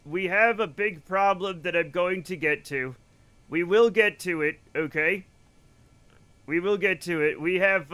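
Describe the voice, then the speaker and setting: A male streamer with a high, bright voice, talking through a live game session. He chats with viewers and breaks into loud, excited greetings and exclamations. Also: smooth.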